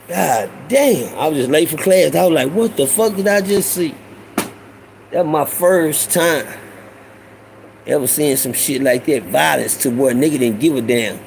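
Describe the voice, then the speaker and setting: A middle-aged man, telling street stories to his listeners in a loose, profane, animated way. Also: a little high, creaky, a little hiss or hum, poor audio. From Houston, Texas. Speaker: storyteller host. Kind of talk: casual storytelling monologue.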